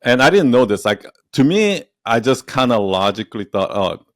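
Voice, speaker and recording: A man's voice: mid-range voice, sing-song, normal speed, no echo, clean studio sound. A man speaking as a guest in a casual interview, telling stories animatedly, acting out quotes and laughing often. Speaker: podcast guest, entrepreneur and storyteller.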